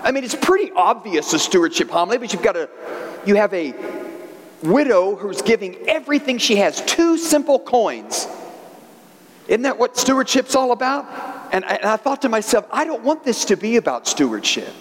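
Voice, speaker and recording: A male priest preaches a Sunday homily in a bright, high-pitched voice that swoops and rises with each point. He leans on stories and repeats phrases for emphasis. A long church reverb hangs behind him. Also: expressive, moderate pace. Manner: storytelling, emphatic repetition.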